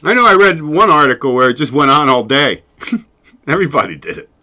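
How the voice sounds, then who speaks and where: A man's voice: on the high side, animated, brisk, bright, forceful tone. A man hosting his own show, chatting casually and rambling, swearing freely and laughing often. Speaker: show host. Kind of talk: casual solo livestream chat.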